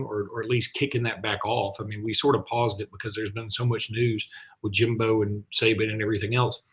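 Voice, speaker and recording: A man hosting a sports talk show, chatty and rambling, and quick to poke fun at himself. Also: mid-range voice, a bit bright. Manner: chatty, rambling, self-deprecating. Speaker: host.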